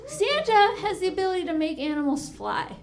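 A woman performing a stand-up comedy set, telling deadpan jokes and giggling at her own lines, with silly voices for characters. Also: very high-pitched, fairly quick. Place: comedy club with a live audience. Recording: loud audience and room noise.

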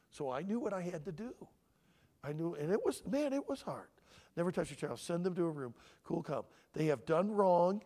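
At a family conference, a middle-aged man speaks in a preaching style, emotionally swinging between loud emphasis and hushed, near-whispered lines. His voice is fairly high, and a long reverb tail trails it.

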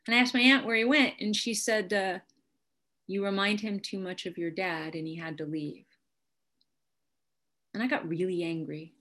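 A woman with a somewhat low voice tells her recovery story frankly and with dry humor. She lets her voice drop quiet and close at the heavy moments, then picks back up with wry asides. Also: steady tone, moderate pace. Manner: candid, wry storytelling with sudden quiet drops. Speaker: speaker sharing recovery story. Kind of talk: personal testimony talk.

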